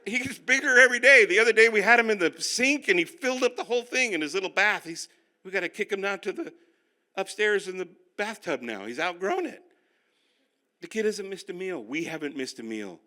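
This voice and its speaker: An older male pastor teaching a finance class, telling animated, self-deprecating stories. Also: sits high, fairly quick. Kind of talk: sermon-style finance class.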